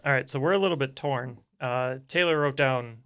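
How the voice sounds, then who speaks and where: A man's voice: medium pitch, moderate pace, pushed and bright, clean tone. A man appearing as a guest on a trivia podcast in a studio, reasoning out answers with hedges. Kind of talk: casual chat.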